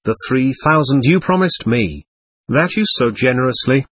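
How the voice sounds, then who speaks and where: A desperate, impulsive young man, as a narrator acts him out, pleading in a lower, husky register, his voice jumping with agitation. The sound is close and dry, with no room echo. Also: animated, normal speed.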